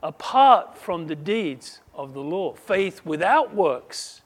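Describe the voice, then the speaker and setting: A man preaching a sermon, emphatic, swinging between loud declarations and quiet asides, acting out quoted voices. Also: high-pitched, sing-song. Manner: slow, measured delivery with quoted voices acted out.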